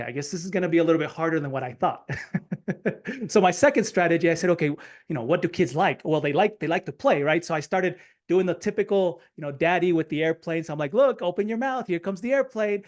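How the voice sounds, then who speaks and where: A middle-aged man telling a personal story in a webinar talk, animated, acting out quotes with stammered restarts. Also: a little high. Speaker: webinar speaker.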